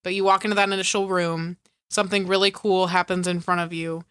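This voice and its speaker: A woman's voice: on the low side, flat delivery, a little fast, a bit bright, clear, resonant tone, no echo, clean studio sound. A woman co-hosting a podcast, chatting casually and filling her stories with "like" and "right?". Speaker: podcast co-host. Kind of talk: casual chat.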